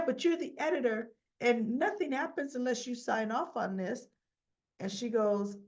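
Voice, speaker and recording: A woman with a rough-sounding voice, casually recapping a soap opera episode and acting out the characters' lines with fillers and self-corrections. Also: medium pitch, lo-fi sound. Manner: chatty retelling with quoted dialogue, fillers and self-corrections.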